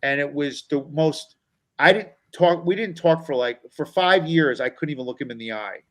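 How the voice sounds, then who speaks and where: Speaking at a moderate pace with a voice on the high side, a middle-aged man appears as a comedian guest on a talk show. He recounts a personal story in a lively way, performing the voices of those he quotes. The recording is rough.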